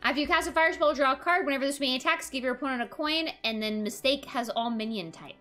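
A young woman streaming a card game, excitable and laughing often as she reads card text aloud. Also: high-pitched, quick pace, faint music behind. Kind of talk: live game commentary.

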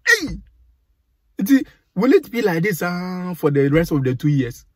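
Ghanaian man vlogger, slightly high husky voice, dry close sound, indignant rant. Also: sing-song, measured pace, a bit bright, no echo. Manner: exasperated, indignant, mixes Pidgin and Twi. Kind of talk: ranting commentary.

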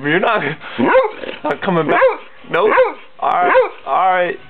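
A woman at home coaxing her nervous dog across a slippery floor, with high sing-song encouragement and lots of repetition. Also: very animated, a little slow, gravelly, a crowd in the background. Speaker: dog owner filming her pet. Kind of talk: casual home video, coaxing a pet. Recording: tinny lo-fi phone-like audio with loud music.

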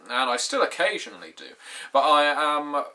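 Talking casually to camera on his YouTube gaming channel, this British host in his twenties is dry and sardonic, with wry humor. His fairly high voice swings widely in pitch at normal speed and sounds pushed and bright.

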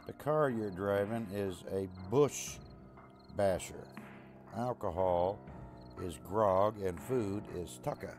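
A low-voiced American man chatting his way through a survival game. He rambles casually to his in-game dog and teammates and sometimes breaks into loud yelling. Game music plays clearly behind him. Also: slow. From USA. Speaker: gamer streaming a survival game. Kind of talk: casual gameplay chat.

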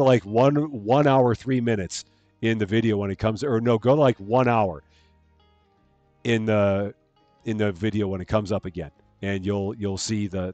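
A man's voice: fairly low pitch, darkish tone, no echo. A man casually chatting with viewers while he plays a farming game on a live stream, greeting people and laughing at his own jokes.

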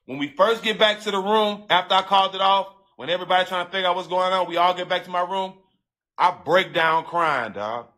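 Animated, bright-voiced man telling a story. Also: sits high. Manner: animated, profane street slang, addresses listeners directly; emotional, breaks into halting repeats. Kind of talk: casual storytelling to an audience.

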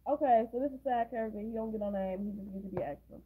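A woman's voice: on the high side, quick pace, slight background noise. A woman recapping a movie scene by scene in a casual way, with blunt, sarcastic asides. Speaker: movie reaction host. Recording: tinny phone-like sound.

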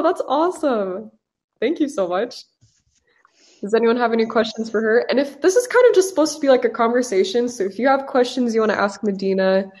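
A young American woman in her twenties, with a medium-pitched, darkish voice, teaches English in a live online class. She's upbeat and encouraging, dropping in casual fillers, and is heard over a video call.

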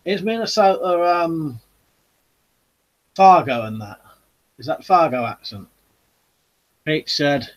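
Male stream host, husky, relaxed chatty delivery, reads and answers comments. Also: on the high side, slow pace, pauses often. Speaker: host of a live chat stream. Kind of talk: casual live-stream chat.

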